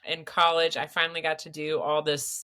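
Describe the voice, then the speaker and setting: A young woman hosting a podcast, chatting in an expressive, storytelling way. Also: sits low, fairly quick. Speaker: podcast host. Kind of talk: casual chat.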